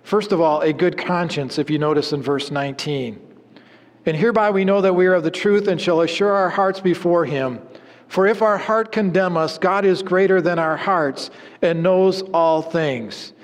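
A man preaching a sermon in an earnest way, his voice dropping low at the ends of phrases. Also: moderate pace, big-room sound. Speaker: pastor.

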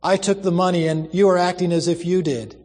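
A man's voice: sits high, steady tone, a little fast, a little mellow, long reverb tail, voice pushed up. A man reading the part of a remorseful young man who speaks in an anguished, self-reproaching way.

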